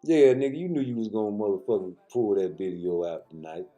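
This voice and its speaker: A man riffs through casual, profane boxing commentary and talks straight to his audience. His voice is deep and very dark, yet his pitch swings a lot as he jokes. Faint music plays behind him. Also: brisk, highs cut off. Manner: loose, joking, talks straight to viewers.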